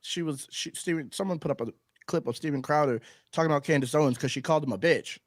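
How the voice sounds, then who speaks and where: Animated man agreeing with "yep". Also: on the high side, fast, dry recording, clean studio sound. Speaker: podcast guest. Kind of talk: casual chat.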